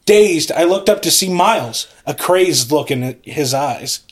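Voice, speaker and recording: Man, podcast host, theatrical spooky story reading, slightly higher voice, builds suspense. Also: animated, measured pace.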